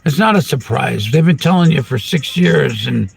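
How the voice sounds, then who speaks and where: Male vlog host, deeply gravelly and creaky, pitch swinging widely; rambling mystical talk with rhyming wordplay and loud outbursts, faint music behind. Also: expressive, moderate pace. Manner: free-associating wordplay and rhymes, sudden loud bursts. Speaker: channel host. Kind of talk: rambling spiritual monologue to camera.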